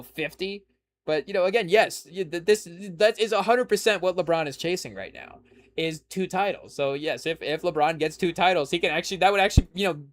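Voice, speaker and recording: Young guy on a sports podcast, kinda high voice, rambly and loose, tons of "hey yo". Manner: rambling, full of "you know" and "hey, yo" asides. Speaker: podcast host. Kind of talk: casual sports podcast monologue.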